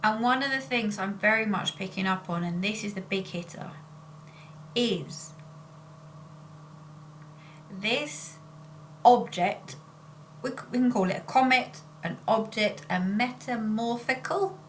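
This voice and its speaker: A woman talks casually to her viewers, drifting off topic and catching herself mid-sentence. Her voice sits at a middling pitch for a woman, and a faint hum runs underneath the recording. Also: a little slow, pauses often, fairly bright tone. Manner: rambling and self-interrupting. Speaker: spiritual channeler and vlogger. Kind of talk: casual chat.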